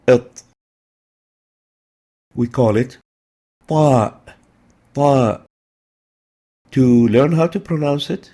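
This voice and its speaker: A man gives a methodical pronunciation lesson and drills each sound by repeating it. His voice is gravelly and husky, with a dark, mellow tone. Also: mid-range voice. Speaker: Arabic pronunciation teacher. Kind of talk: instructional lesson.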